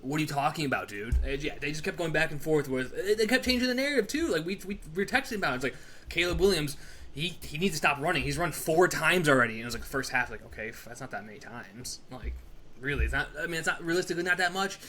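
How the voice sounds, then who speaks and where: A man's voice: a little high, animated, fast, sharp tone. A man co-hosting a casual sports podcast, ranting in an exasperated, profane way about announcers. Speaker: podcast co-host.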